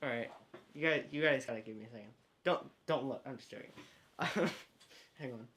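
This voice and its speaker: Giggly male co-host, mid pitch, faint background hiss. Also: brisk, fairly bright tone. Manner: giggly, hesitant. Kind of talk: casual livestream chat.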